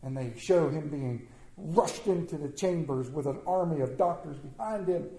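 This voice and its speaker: A man preaching a sermon as a folksy, plainspoken storyteller who swings between loud and hushed delivery. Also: on the high side, normal speed, gravelly. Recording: echoey room.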